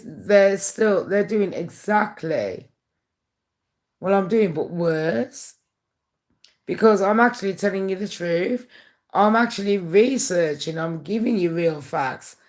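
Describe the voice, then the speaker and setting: Her voice is fairly low and darkish in tone. Speaking directly to her viewers, this YouTuber gives a frank, aggrieved monologue to camera in a casual way.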